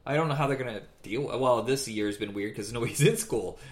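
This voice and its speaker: A man co-hosting a podcast, giving relaxed, opinionated takes on a film in casual chat. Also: medium pitch, fairly quick. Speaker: podcast co-host.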